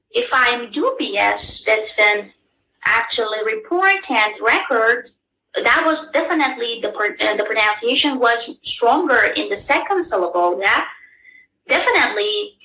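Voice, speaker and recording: Woman teacher with a Persian accent, slow and bright. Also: on the high side. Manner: explains patiently, checks in with students often. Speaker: English exam teacher. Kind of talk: live class explanation. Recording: echoey room.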